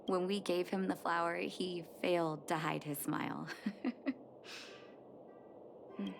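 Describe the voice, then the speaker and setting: A woman voicing an earnest young woman doctor in a game, speaking gently and with feeling, over game music. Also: fairly low pitch, fairly even intonation, takes it slowly, creaky. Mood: reflective. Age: young adult. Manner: gentle, heartfelt, softly emotional. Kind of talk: game dialogue and narration.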